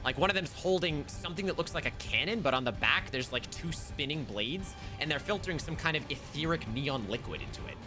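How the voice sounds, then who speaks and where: A man's voice: on the high side, fairly quick, hardly any pauses, music in the background. A man running a livestreamed tabletop game as game master, narrating casually with fillers. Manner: relaxed, rambling with fillers.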